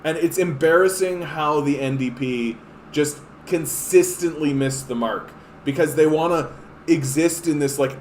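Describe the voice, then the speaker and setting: A man hosting a political podcast, ranting casually with exasperation and frequent swearing. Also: medium pitch. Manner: animated and exasperated, swears often, frequent fillers. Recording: echoey room, faint hiss.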